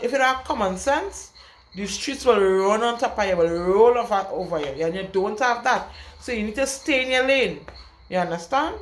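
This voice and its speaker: A young woman, vlogging an emphatic, blunt rant to camera, repeating her points for weight. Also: medium pitch. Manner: emphatic, repetitive, speaks her mind bluntly. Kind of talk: casual storytime rant to camera. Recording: echoey room with faint background noise.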